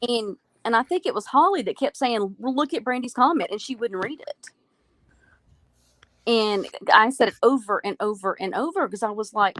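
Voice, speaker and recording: A woman's voice: on the high side, expressive, normal speed, fairly bright tone, slight background noise, poor audio. A woman, frustrated and emphatic in casual chat, stretching out her stressed words. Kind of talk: casual chat about online drama.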